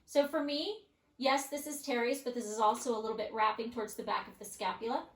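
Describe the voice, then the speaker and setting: A woman Pilates instructor guiding a follow-along workout with calm, encouraging cues, often checking in with "right?". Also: fairly high pitch, brisk. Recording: echoey room.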